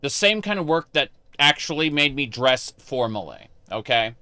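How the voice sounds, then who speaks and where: A man's voice: mid-range voice, big pitch swings, normal speed, pushed and bright, clean tone, no echo. A man chatting casually with his live-stream chat while playing a game, rambling with many fillers and restarts.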